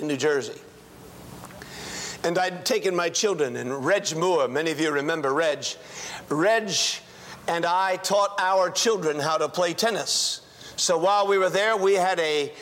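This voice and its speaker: An older male pastor with a high voice preaches to a congregation in church, telling a personal story and acting out the dialogue. His delivery swings from hushed tones to shouting.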